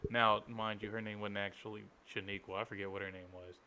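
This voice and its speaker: A man's voice: lowish voice, little pitch movement, quick pace, pushed and bright, slight background noise. Dude in his 20s rambling through a storytime, tons of likes and you knows. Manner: rambling, lots of filler words. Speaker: vlogger. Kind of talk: casual storytelling.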